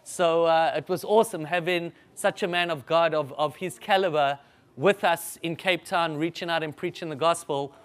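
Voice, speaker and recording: A man's voice: a little high, normal speed, a bit bright. A man with a South African accent, an evangelist preaching and sharing his testimony with a congregation in an emphatic, enthusiastic way. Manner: enthusiastic, emphatic, calls for audience response.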